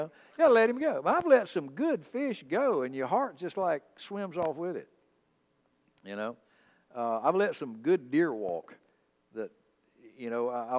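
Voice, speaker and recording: Animated folksy preacher man. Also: mid-range voice. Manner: folksy storytelling with humor, animated and conversational. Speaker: pastor. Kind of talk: sermon. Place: church sanctuary.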